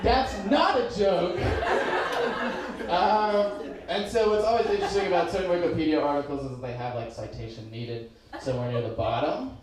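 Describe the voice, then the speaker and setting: Young guy doing standup, high voice, rambly and self-deprecating, super echoey room, mic far off. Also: moderate pace. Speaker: stand-up comedian. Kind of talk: stand-up set. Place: comedy stage indoors.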